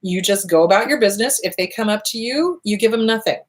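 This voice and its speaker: Speaking fast and expressively, this woman hosts an advice show where she tackles viewer questions on abuse recovery. She's blunt and emphatic, repeats short commands for emphasis, and uses wide pitch swings when acting out what others said, all in a casual advice-talk style.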